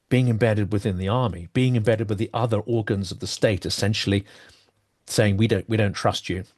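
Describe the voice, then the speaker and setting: A man hosting a political discussion, thinking aloud with pauses and shifting emphasis. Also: on the low side, darkish tone. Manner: reflective, pausing with ums, varied emphasis. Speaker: podcast host. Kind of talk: discussion interview.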